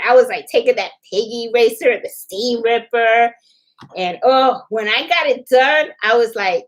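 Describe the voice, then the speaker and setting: A woman's voice: on the high side, normal speed. A middle-aged woman from New York City with a New York accent, hosting a casual crafting livestream from home and chatting straight to her viewers in a meandering way. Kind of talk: casual live-stream chat with viewers.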